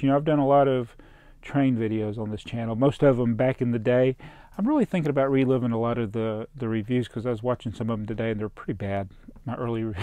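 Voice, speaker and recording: A man's voice: mid-range voice, darkish tone, dry recording. A man chatting casually as he unboxes toy parts, rambling and chuckling while he thinks aloud. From American South. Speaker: toy collector vlogger.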